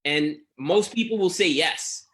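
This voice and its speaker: A man with a New York accent chats as an interview guest. He talks in a fairly high voice and acts out both sides of his customer stories in a lively way. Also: unhurried. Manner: animated storyteller who acts out customer exchanges. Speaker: guest phone reseller. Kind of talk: casual interview chat.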